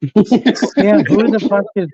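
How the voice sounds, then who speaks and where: A man's voice: high-pitched, takes it slowly, muffled recording, crowd noise. A man co-hosting a casual podcast, dismissively brushing off a caller. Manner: dismissive, taunting, repeats "blah blah".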